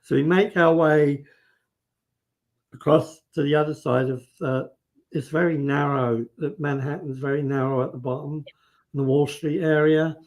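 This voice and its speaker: A man's voice: fairly high pitch, steady tone, moderate pace. A man, a guest on a live stream, vividly retelling events in casual storytelling, acting out what people said and restarting his sentences.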